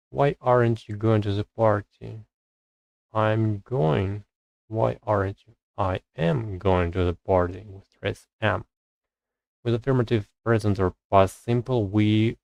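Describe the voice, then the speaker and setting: A man on a live stream working through English grammar exercises, reading rules aloud and thinking out loud with hesitant pauses as he searches for words. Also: lowish voice, vocal fry, no room sound, dull audio.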